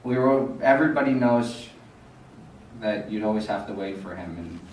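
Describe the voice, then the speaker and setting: A young man sharing an unhurried remembrance at a memorial. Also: on the low side, a little mellow. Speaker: eulogy speaker. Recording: echoey hall, distant voice, faint noise.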